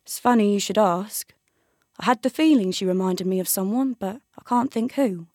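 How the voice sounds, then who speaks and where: A woman's voice: medium pitch, moderate pace, mellow, no room sound, clean studio sound, close to an everyday voice. A woman voicing a plain-spoken, folksy man answering questions in a read-aloud novel.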